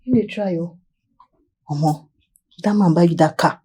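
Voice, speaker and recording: A woman's voice: fairly low pitch, normal speed, warm tone, slightly rough. An actress with a Nigerian accent plays a nosy young woman teasing and pressing her friend in Pidgin.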